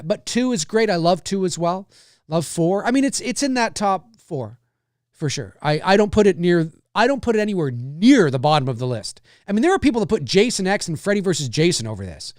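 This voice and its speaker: A man's voice: fairly high pitch, very animated, normal speed, no echo, clean studio sound. Rambling man in his forties hosting a stream. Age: 40s. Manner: rambling, loose, many fillers and restarts. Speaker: live-stream host answering chat. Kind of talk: casual chat.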